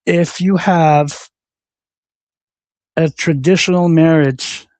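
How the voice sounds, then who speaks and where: A man's voice: on the high side, fairly even intonation, takes it slowly, darkish tone, no room sound. Combative man ranting on a livestream. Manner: combative, repetitive, swears often. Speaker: livestream host. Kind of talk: solo livestream rant.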